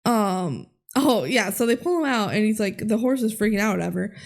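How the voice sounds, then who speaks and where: A woman's voice: mid-range voice, animated, moderate pace, creaky. A young woman co-hosting a podcast, recapping a movie in casual chat, giggling often and acting out quotes in bouncy voices. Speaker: podcast co-host.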